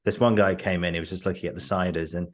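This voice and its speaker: A podcast host with a low, deep voice, chatting loosely and laughing along with his own stories. He talks in an easygoing, conversational way, like swapping tales with a friend. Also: fairly even intonation, fast talker. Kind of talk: casual conversational storytelling.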